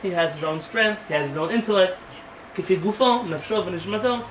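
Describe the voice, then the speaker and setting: A male rabbi giving a sermon-style lecture, telling stories with animated acted dialogue and reading Hebrew quickly before translating it. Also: high-pitched. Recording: roomy sound from a distant mic, faint noise.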